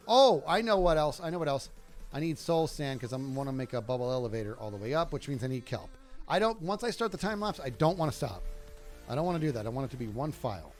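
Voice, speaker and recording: Animated rambling man streaming a game. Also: mid-range voice, fast, soft background music. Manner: rambling, self-talking, jokey asides to chat. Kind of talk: casual gameplay livestream chat.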